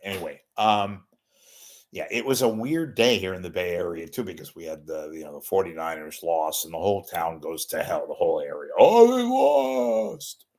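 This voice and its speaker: Brief: older male host, very low voice, blunt, chatty, unprepared and self-mocking. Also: fairly even intonation, a little fast. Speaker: host of an online talk show. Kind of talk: unscripted solo talk reading viewer messages.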